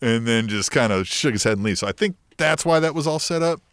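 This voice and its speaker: A man's voice: mid-range voice, a little fast, no room sound, clean studio sound. A man co-hosting a wrestling podcast, casually recapping matches and acting out what wrestlers said, with some swearing. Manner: animated, acts out quotes, swears. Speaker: podcast co-host.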